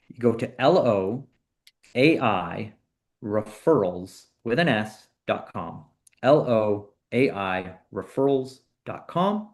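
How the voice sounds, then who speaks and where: A man talks as a guest on a podcast interview. He explains in an animated way, rushing through some lists and slowing down to stress others. His voice sits at an ordinary middle pitch. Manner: animated explainer, speeds up and slows down to stress points. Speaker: AI consultant guest.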